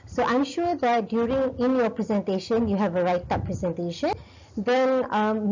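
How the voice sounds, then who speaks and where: Malaysian woman lecturing, slightly high voice. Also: a little mellow. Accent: Malaysian English. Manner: explanatory, checks in with frequent "okay?". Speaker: university lecturer. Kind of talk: recorded video lecture. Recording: dull lo-fi recording.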